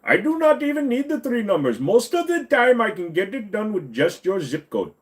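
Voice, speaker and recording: A man doing a wheedling phone scammer, pitched well above a normal speaking voice and pushed forward with extra volume. He sounds overly polite and singsong, all fake friendliness as he coaxes. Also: big pitch swings, moderate pace.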